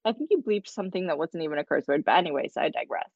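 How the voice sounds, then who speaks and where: A woman with a Midwestern American accent, a podcast guest who chats quickly, laughs often, and drifts into asides. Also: deep voice, animated, no echo, highs cut off. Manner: chatty, giggly, quick asides. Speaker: guest scientist. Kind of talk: casual chat.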